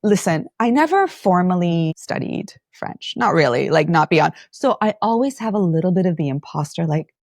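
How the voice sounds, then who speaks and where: A middle-aged woman from Lebanon tells stories from her acting career as a podcast guest. Her voice sits a little low, and she slips into quoted voices as she goes. The sound is dry and close. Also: moderate pace, no room sound. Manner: animated storyteller, acts out quotes. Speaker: actor and playwright guest. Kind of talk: podcast interview.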